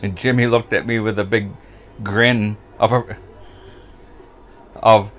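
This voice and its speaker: A man's voice: fairly low pitch, level tone, slow pace. An older American man chatting casually and telling pub stories, rambling, chuckling and losing track of names. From United States. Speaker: vlogger. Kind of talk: casual storytelling chat.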